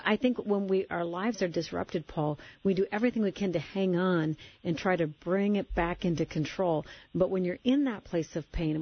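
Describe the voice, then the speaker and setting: A woman's voice: on the low side, gravelly, breathy edge, dry recording. A woman hosting a conversation about faith, speaking earnestly and with emphasis. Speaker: host. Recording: dull lo-fi recording.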